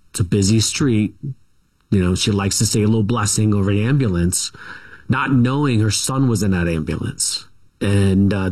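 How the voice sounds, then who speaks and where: A middle-aged man being interviewed as a guest, telling a family story in a rambling, halting way with many asides. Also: lowish voice, a little mellow.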